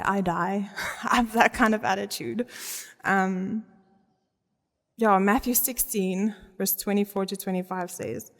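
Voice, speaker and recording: A woman preaching a sermon in a church, earnest, often laughing and stressing key words. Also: mid-range voice. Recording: long reverb of a church hall.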